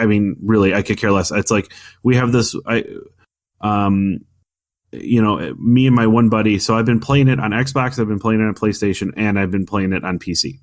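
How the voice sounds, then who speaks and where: A man co-hosting a casual gaming podcast, rambling with many restarts and arguing his opinions firmly. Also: on the low side. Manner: opinionated, argumentative. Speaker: podcast co-host.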